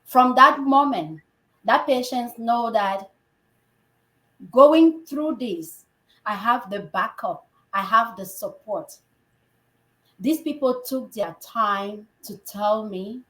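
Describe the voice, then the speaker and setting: Animated woman telling a story in a roomy space. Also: a little high, takes it slowly. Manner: animated, acts out quoted dialogue. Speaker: healthcare provider. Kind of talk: conversational storytelling. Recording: roomy echo.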